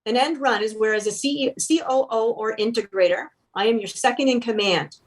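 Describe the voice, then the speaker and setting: A woman's voice: on the high side, fairly quick. A woman from Canada who works as a fractional operations officer, talking directly and laughing often as a guest in a casual interview.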